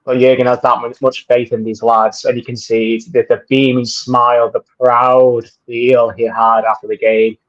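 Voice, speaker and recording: A man talking football on a livestream in a fairly flat, even voice at a medium pitch. He speaks fluently and with enthusiasm about the game. His voice comes through a dull, lo-fi microphone. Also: normal speed, hardly any pauses. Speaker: livestream co-host. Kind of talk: casual football podcast chat. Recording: dull lo-fi mic.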